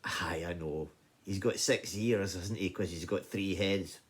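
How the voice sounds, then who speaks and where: A man's voice: sits low, unhurried, slightly rough. A Scottish man voicing a curious young farm lad in a told folk tale, eager and full of questions. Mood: confident. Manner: eager, wide-eyed questioning. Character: boastful young male farmer's son, curious. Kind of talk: oral storytelling.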